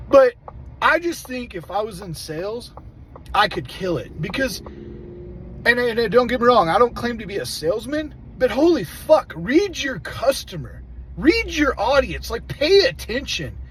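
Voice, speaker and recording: High-voiced man ranting with heavy swearing. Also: measured pace, a little hiss or hum, low-quality recording. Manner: profane, blunt and animated. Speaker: vlogger. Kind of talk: casual storytelling rant.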